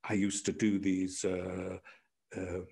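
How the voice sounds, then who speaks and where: A man who worked as a prison doctor, telling stories in an interview in a halting way, with many restarts and chuckles at his own anecdotes. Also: low voice, completely flat delivery, creaky, warm tone. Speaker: former prison doctor and writer.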